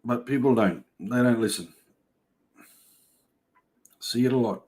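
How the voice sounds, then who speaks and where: A man's voice: medium pitch, a little slow, a little mellow, husky. A middle-aged Australian man hosting a livestream, chatting casually with viewers and telling stories in a yarning way. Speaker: livestream host. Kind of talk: casual livestream chat reading comments.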